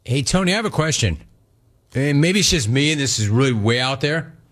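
A man's voice: mid-range voice, animated, brisk, fairly bright tone. A man hosting a sports call-in show, riffing energetically and talking in slangy, casual terms. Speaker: radio talk host. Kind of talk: sports talk radio.

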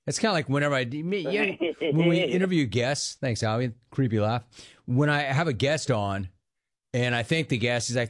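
Playful talk radio host man, lively pitch. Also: moderate pace. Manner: playful, jokey, sing-song riffs.

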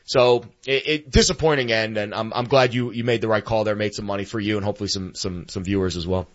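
A man co-hosts a sports talk show, thinking out loud in a casual way that stops and restarts. His voice sits at an ordinary pitch. The audio is dull and lo-fi. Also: fairly even intonation. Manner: rambling, halting restarts.

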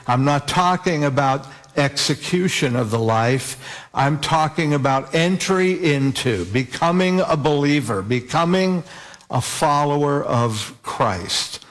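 Slow, deliberate male preacher. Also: medium pitch. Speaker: pastor. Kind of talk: sermon.

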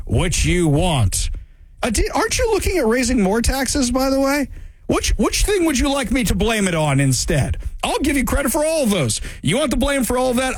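A man's voice: high-pitched, no room sound. A man giving sarcastic, mocking political commentary, reading news excerpts aloud and ridiculing them.

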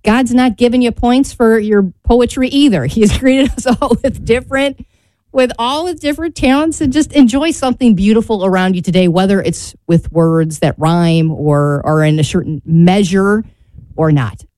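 Woman co-host, mellow warm tone, dry close studio sound, chatty. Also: mid-range voice, normal speed, no echo. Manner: chatty and lighthearted. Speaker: radio co-host. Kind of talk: casual chat.

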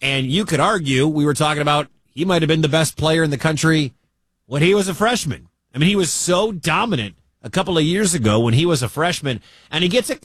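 Fairly high-pitched, expressive and a bit bright, a man with a Midwestern American accent hosts sports talk radio in a chatty, conversational manner with quick asides. The sound is clean studio audio without any room sound.

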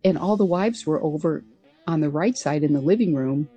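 Mellow, earnest woman recounting pilot days. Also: sits low, lively intonation, normal speed, faint music behind. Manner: earnest, reflective storyteller. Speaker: guest, former military pilot. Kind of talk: radio interview storytelling.

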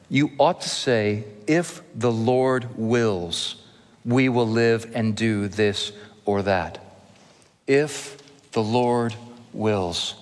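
A male pastor preaching an earnest expository sermon, slowing down to stress key phrases. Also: medium pitch. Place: church sanctuary. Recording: long hall reverb.

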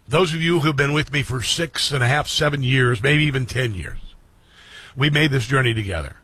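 A man's voice: mid-range voice, a bit bright, slightly rough, no room sound. A middle-aged man hosting a radio and streaming talk show, speaking earnestly to his listeners and repeating phrases for emphasis. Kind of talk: personal monologue to listeners.

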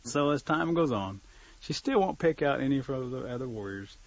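A man telling a folk tale to listeners, lively, acting out the scenes and joking aside. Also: mid-range voice, normal speed, no room sound. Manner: lively, acts out voices, aside jokes. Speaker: storyteller. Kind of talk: oral folk storytelling. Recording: dull lo-fi recording.

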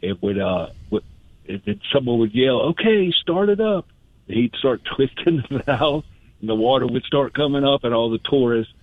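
A man's voice: mid-range voice, moderate pace, no room sound. A male caller with a mid-range voice, telling a story and filling the gaps with many fillers. He comes through a narrow, tinny phone line. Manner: chatty, filler-heavy storytelling. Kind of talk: casual chat.

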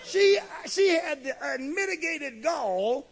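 High-voiced preacher full of amens. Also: male voice, lively intonation, takes it slowly, a faint crowd. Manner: emphatic, with frequent amens and storytelling asides. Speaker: bishop and preacher. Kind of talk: sermon.

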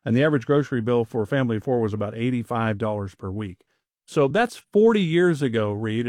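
A man's voice: mid-range voice, a little mellow, dry recording, studio quality. A man in his fifties hosting a radio show, talking in an upbeat, chatty way. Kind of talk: casual radio chat.

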